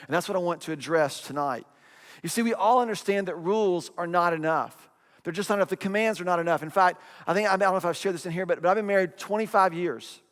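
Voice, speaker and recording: A man's voice: high voice, in a large hall. A middle-aged man preaching a sermon in a conversational way, repeating phrases and acting out quotes. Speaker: pastor.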